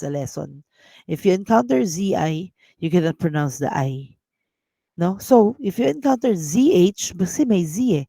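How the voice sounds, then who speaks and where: A woman with a Filipino accent teaching a casual language lesson, drilling words slowly and mixing English with Tagalog. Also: lowish voice, dark tone, no echo. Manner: clears throat often.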